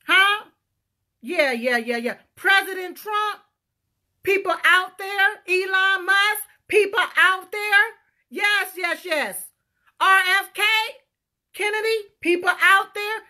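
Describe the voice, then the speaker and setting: High, bright, fiery woman. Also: slow pace. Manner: loud, emphatic, calls out to viewers, punctuates with "huh?". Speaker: political vlogger. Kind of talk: fiery political rant.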